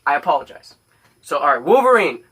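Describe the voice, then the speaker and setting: Fast, bright-voiced young man rambling. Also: a little high, big pitch swings, slightly rough. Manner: rambling, stammering, profane, defensive. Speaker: guest trying out a comedy bit. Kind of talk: casual podcast banter.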